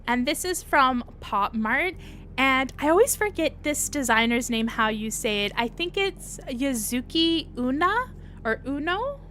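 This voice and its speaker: A woman's voice: high voice, sing-song, measured pace, sharp tone, a little hiss or hum. A young woman hosting a casual livestream, chatting and answering viewers' comments as she goes. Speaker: livestream host.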